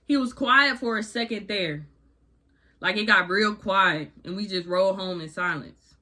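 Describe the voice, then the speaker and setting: A young woman tells a personal storytime in a loose, slangy, candid way. Her voice sits at an ordinary middle pitch, and she speaks with animated energy. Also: a little slow. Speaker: vlogger. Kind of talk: casual storytime narration.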